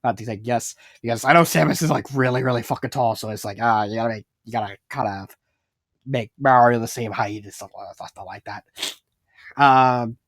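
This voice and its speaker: A man's voice: medium pitch, normal speed, a bit bright, no echo, studio quality. A man giving a rambling, casual spoken review, full of fillers and swearing. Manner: rambling, filler-heavy, swearing, laughs a lot. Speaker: fanfiction reviewer.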